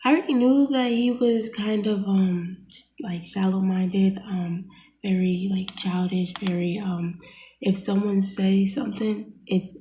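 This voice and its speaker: A woman's voice: mid-range voice, warm tone, echoey room. A young woman telling a personal story in a casual vlog, blunt and full of fillers, swearing freely. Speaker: vlogger.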